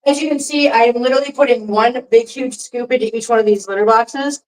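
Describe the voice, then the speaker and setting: Chatty higher-voiced woman, distant mic. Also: a little fast, background noise. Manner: chatty, coos baby talk to her cats. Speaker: cat channel host. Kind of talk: casual livestream chat. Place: home, doing chores. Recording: voice from far off the mic.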